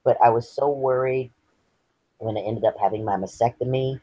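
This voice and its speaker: A man's voice: medium pitch, moderate pace, dark tone, breathy edge, no echo, rough recording. A man, earnestly sharing his personal story as an interview guest. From Texas. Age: 50s. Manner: earnest, candid and reflective.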